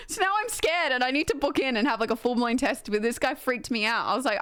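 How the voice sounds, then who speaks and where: A woman's voice: on the high side, animated, fast talker, hardly any pauses, a bit bright. A young woman, livestreaming and chatting casually with her viewers, rambling with lots of fillers and laughter. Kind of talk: casual chat with stream chat.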